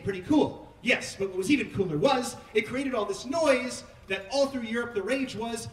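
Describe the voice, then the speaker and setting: Joking high-voiced rabbi in an echoey sanctuary. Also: male voice, normal speed, few pauses, slight background noise. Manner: joking, teasing, audience-prodding. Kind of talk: playful Megillah reading with asides to the congregation. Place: synagogue sanctuary. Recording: echoey hall heard from far off.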